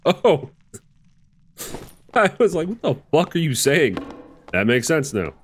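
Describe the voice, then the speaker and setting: A man streaming a game, giving casual, excitable commentary with swearing and bursts of laughter. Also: on the high side, takes it slowly, long pauses, slightly rough.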